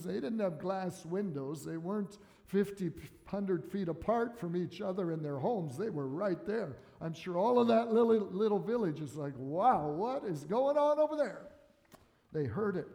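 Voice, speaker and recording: An older man preaching a sermon as pastor, animated, bursting into loud exclamations. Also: high-pitched. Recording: long hall reverb.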